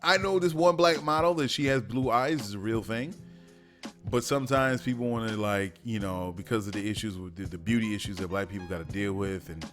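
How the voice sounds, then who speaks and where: A man's voice: on the low side, fairly quick, a bit bright, faint music behind. A man hosting a podcast, giving opinionated solo commentary with many fillers and restarts. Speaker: podcast host.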